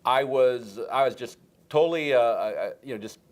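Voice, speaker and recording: A man appearing as a guest on a political talk show, explaining his position at length in a deliberate way. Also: mid-range voice. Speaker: guest commentator.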